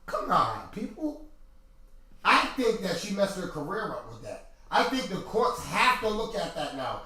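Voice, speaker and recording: A man hosting a podcast, talking casually to viewers in an animated, repetitive way that rises to shouts when he gets worked up. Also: high voice, measured pace. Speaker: podcast host. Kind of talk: casual opinion talk to viewers. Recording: echoey room from far off mic.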